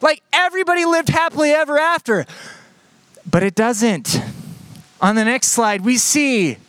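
A man preaching a lively sermon, joking with the crowd and acting out the story in voices. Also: very high-pitched, measured pace, smooth, no echo. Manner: playful, animated storytelling with acted-out voices. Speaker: pastor. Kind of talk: sermon with audience skit.

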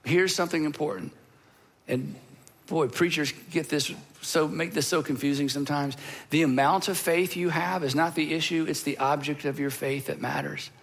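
A man preaching a sermon in an earnest, emotional way, with dramatic pauses and repeated phrases. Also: on the high side, fairly even intonation, vocal fry. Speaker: pastor.

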